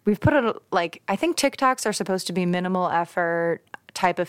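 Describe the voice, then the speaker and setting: A woman's voice: on the low side, lively intonation, normal speed, smooth, no room sound. Giggly young woman chatting, dry close mic. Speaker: podcast co-host. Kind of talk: casual chat.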